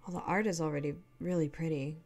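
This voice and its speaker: A woman's voice: sits low, fairly even intonation, fast, a little mellow, soft background music. A woman casually commentating her first playthrough of a game, chatty and easily delighted. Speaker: gamer reading a game aloud. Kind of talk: casual let's-play commentary.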